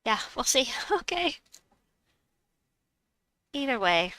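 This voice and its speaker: A woman's voice: high-pitched, very animated, slow pace, pushed and bright, no echo, low-quality recording. A woman streaming a game, chatting casually, reading viewers' messages aloud and laughing often. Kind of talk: casual live-stream chat.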